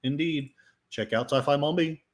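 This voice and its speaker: A man's voice: fairly high pitch, normal speed. A man hosting a casual livestream, rambling and self-deprecating as he reads the chat and talks to his pets. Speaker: livestream host. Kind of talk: casual live-stream chat.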